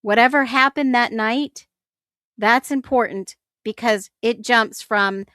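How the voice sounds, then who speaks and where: Woman, talk host, slow unhurried delivery, dry close sound, incredulous, thinking aloud. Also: fairly high pitch, bright, forceful tone, clear, resonant tone, dry recording. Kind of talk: casual commentary on case documents.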